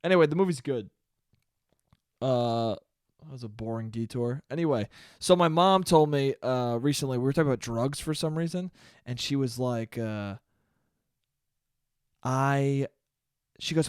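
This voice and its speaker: A man's voice: medium pitch, moderate pace, pauses often, dry recording, clean studio sound. A young man hosting a casual solo podcast, ranting animatedly and swearing as he acts out conversations. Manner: animated, swears, mimics people in quoted asides. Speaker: podcast host. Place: small room, recording himself on camera.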